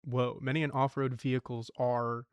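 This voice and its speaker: A man's voice: medium pitch, level tone, moderate pace, clean tone, no room sound, studio quality. A young man streaming himself solving word puzzles, thinking aloud, swearing and muttering clues to himself.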